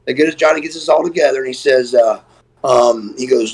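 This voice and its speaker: A middle-aged man, a former wrestler, telling an animated, profane story and acting out what people said. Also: medium pitch, fairly quick, low-quality recording. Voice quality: gravelly, husky. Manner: animated, profane storyteller who acts out quoted voices. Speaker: guest, former pro wrestler. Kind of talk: casual storytelling on a live stream.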